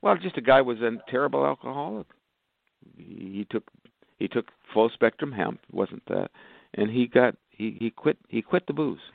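A man, a doctor, speaking as a guest in a radio interview, rambling through long lists with sudden jumps in pitch. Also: animated, moderate pace, gravelly, no echo. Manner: rambling, lists conditions, bursts of higher pitch. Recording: phone-like narrow band, dry.

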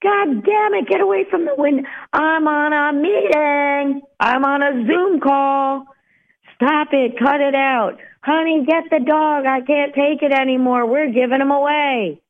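A woman voicing a frazzled dog owner yelling at a barking dog. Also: measured pace. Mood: exasperated shouting. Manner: shrill exasperated shouting. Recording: tinny phone-like radio line.

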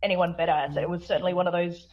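A woman's voice: fairly low pitch, fairly even intonation, racing, muffled recording. An Australian woman from South Australia, a guest author chatting in a radio interview, full of fillers, restarts and laughter.

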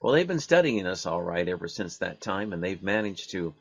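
A man with a lowish, husky voice hosts a radio talk show. He speaks haltingly, stopping often for fillers and restarts. The recording is dull and dry. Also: big pitch swings, no echo.

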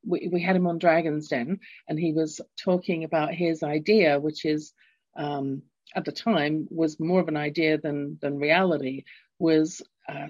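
An earnest woman in her fifties speaks in a lowish, dry voice, and her talk builds into inspirational stories. The recording is dull and lo-fi, with little room sound. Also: a little mellow, no echo. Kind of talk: conversational interview.

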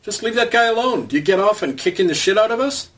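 A man voicing a blunt, streetwise older Cree man who speaks matter-of-factly and yells when provoked. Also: sits high, lively intonation, fast talker, distant mic, pitched above the performer's own voice. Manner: matter-of-fact, then yelling across a street.

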